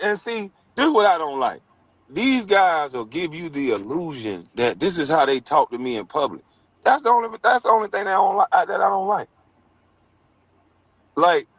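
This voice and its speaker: A man's voice: on the high side, fairly bright tone, dry recording, low-quality recording. A former pro athlete, a man, ranting angrily and mocking someone, repeating his insults. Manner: angry, mocking, repetitive. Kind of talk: heated rant in an interview clip.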